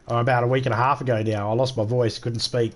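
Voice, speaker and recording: An Australian man commentating a live game stream in a crude, joking way, trash-talking enemies, his voice still rough after losing it recently. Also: medium pitch, level tone, a little fast.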